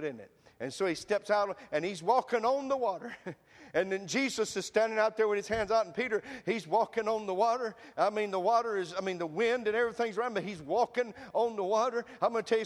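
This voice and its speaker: A man's voice: high-pitched, brisk, in a large hall. A man preaching a folksy, fervent sermon, laughing between phrases and hollering quoted cries.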